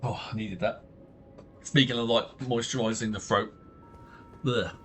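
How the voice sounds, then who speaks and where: A British man with a slightly scratchy throat, giving low-key, casual live commentary while playing a game, often muttering to himself. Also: fairly even intonation, a little slow, fairly bright tone, soft background music. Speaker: game streamer.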